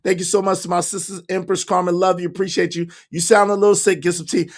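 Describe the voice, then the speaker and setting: A hoarse man, hosting a casual livestream and shouting out his viewers by name. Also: sits high, steady tone, brisk, few pauses. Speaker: livestream host reading chat.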